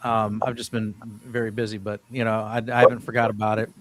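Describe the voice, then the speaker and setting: A man's voice: lowish voice, level tone, fast, fairly bright tone. A man hosting a casual live-stream chat, rambling a little, restarting phrases and reading viewers' questions aloud. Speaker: host.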